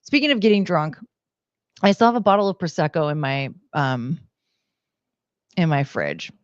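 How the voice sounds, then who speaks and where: A woman's voice: low voice, very animated, normal speed, dry recording, dull audio. A woman streaming from home into a desk mic, chatting casually and rambling with lots of "like" and "um". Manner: rambling, heavy use of "like" and "um". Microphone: desk microphone.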